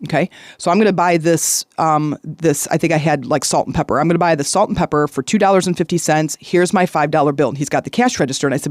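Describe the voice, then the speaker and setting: A woman's voice: sits low, quick pace, no echo, clean studio sound. A woman hosting a solo podcast, telling a story in a chatty way and checking in with the listener as she goes. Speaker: podcast host.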